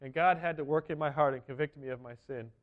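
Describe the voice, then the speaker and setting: A man's voice: a little high, fast, phone-quality sound. A man giving an earnest, emphatic sermon as a first-person dramatic monologue. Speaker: preacher.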